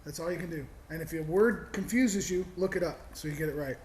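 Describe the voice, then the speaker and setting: A man with a high voice coaches a trainee, correcting pronunciation and giving tips. He is heard in an echoey room with faint noise behind him. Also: fast. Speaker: broadcasting coach. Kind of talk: casual coaching.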